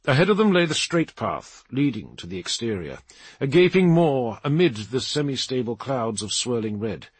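A man narrating an action audiobook in a dramatic, lively reading. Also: mid-range voice, normal speed, breathy edge, no echo. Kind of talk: scripted narration.

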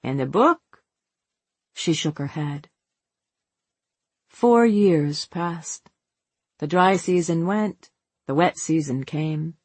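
A narrator reading a novel aloud in a slow, deliberate voice with a husky grain. The sound is dry and close, with no room around it, and the pitch sits in a middle range. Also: darkish tone, dry recording. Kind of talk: audiobook narration.

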